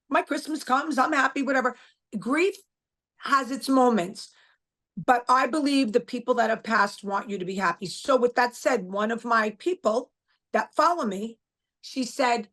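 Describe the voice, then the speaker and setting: A woman's voice: on the high side, fairly bright tone. A middle-aged woman, a guest and author, talking bluntly and emphatically in a casual interview, repeating her points.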